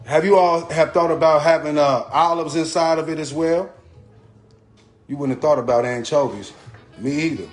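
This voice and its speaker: An adult man hosts a casual live cooking stream from his home kitchen, chatting loosely with viewers at a moderate pace. His voice is a little high, the room echoes, and faint music plays underneath. He greets commenters and keeps repeating a catchphrase.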